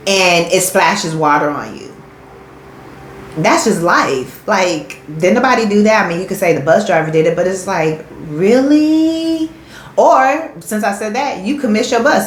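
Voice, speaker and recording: A woman giving a spiritual tarot reading in a rambling, conversational way, talking straight to her viewers. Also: lowish voice. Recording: echoey room with faint background noise.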